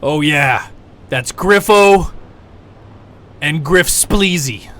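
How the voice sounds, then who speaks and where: A man's voice: a little high, very slow, fairly bright tone, pitched above the performer's own voice. A man voicing a friendly, slangy male griffin mount in a tabletop game. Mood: chummy. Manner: slangy, calls people boss.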